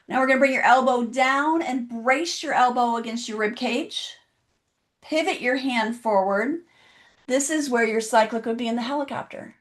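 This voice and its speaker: A woman's voice: fairly high pitch, fairly bright tone. A woman giving a motivational keynote speech, telling a story and asking the audience direct questions. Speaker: motivational speaker. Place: online event, audience in chat.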